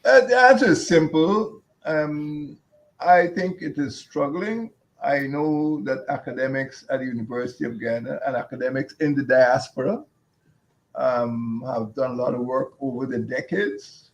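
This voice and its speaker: A man answering interview questions in a measured, halting way with many restarts. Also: mid-range voice, rough recording. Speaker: guest.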